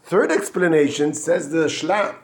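A man, a yeshiva rabbi, giving an informal weekly Torah lesson, halting and full of restarts, mixing Hebrew terms into his English and answering his own questions. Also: fairly high pitch, lively intonation. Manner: halting, with frequent restarts and fillers.

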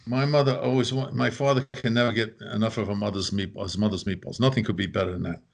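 A man's voice: fairly low pitch, fast, gravelly. Older man telling family stories. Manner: animated anecdote telling, acting out family quotes. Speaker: guest author. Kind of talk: casual storytelling.

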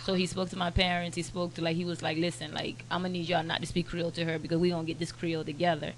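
A woman guest in casual podcast chat, telling animated stories and quoting the people in them. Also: fairly low pitch, fast talker, a little hiss or hum. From United States, Haitian family. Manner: animated storyteller, quotes people in their own voices. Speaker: podcast guest, media brand owner.

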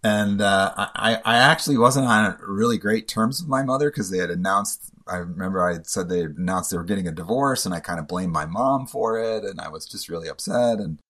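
A man telling a personal story in a halting, emotional way, often stumbling and repeating himself. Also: fairly low pitch, sharp tone.

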